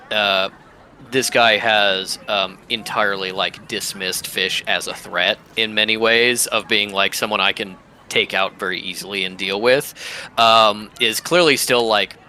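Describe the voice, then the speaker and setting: A male game master who narrates in a slow, halting way, pausing often on fillers. His voice is bright and forward, with faint ambient noise behind him. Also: on the low side.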